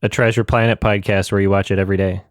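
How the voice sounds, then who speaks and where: A man from Canada co-hosting a podcast in casual chat, making wry, deadpan jokes. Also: on the low side, fast, no room sound, studio quality. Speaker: podcast co-host.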